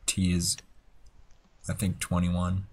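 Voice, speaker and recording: Young male podcast host, very low husky voice, laid-back rambling chat. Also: completely flat delivery, slow pace, a little mellow. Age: young adult. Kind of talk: casual chat. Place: college dorm room.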